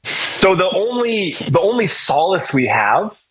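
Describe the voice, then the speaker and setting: A man's voice: high-pitched, sing-song, slow, fairly bright tone, husky, poor audio. A man in his late thirties from New England, a podcast guest telling rambling, joking stories with plenty of swearing and acted-out quotes. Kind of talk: casual storytelling chat.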